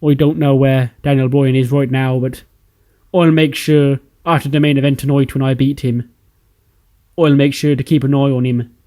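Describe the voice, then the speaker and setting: A man's voice: medium pitch, dark tone, no room sound, close to an everyday voice. A man voicing a smug male wrestler who talks in a placating, conspiratorial way, in a dry close recording.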